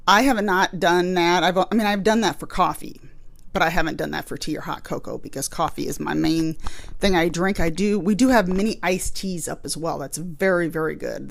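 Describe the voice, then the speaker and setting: A woman's voice: on the low side, creaky. A woman hosting a true crime podcast, chatting casually and rambling a bit, a little out of breath. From Illinois, USA. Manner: chatty, rambling, laughs easily. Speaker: podcast host. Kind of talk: casual chat. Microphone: studio microphone.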